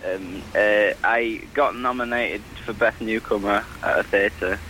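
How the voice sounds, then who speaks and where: A man's voice: lowish voice, a little slow, bright, forceful tone, slight background noise, low-quality recording. A man calling in to a radio show, an amateur stage actor giving short, hesitant answers. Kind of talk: phone-in chat.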